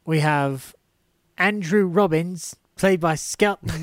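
A man co-hosting a casual film podcast, joking, laughing often and slipping into quick silly character voices. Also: fairly high pitch, no room sound, clean studio sound. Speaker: podcast co-host.

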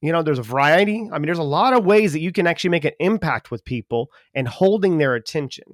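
A man from Charleston, co-hosting a podcast in casual chat; he talks fast and folksy, with jokes. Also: on the high side, no room sound, studio quality. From Charleston, South Carolina, US. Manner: talks fast when excited, folksy and joking. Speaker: podcast co-host.

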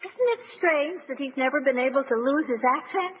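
A woman's voice: sits high, brisk, close to an everyday voice. A woman playing a wry young secretary in a 1940s radio comedy, making dry, teasing asides. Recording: tinny old radio broadcast, hissy.

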